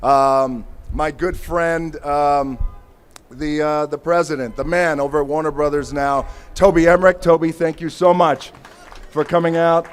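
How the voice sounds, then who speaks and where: A man's voice: a little high, steady tone, measured pace, clean tone. A man in his forties giving an unscripted acceptance speech at an outdoor ceremony, thanking people and adding playful, self-mocking asides. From United States. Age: 40s.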